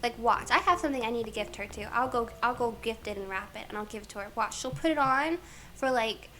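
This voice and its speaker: A woman's voice: fairly high pitch, fast, pushed and bright, slight background noise. A woman streaming a life-sim game, chatting casually and playfully while she plays and talks to the characters.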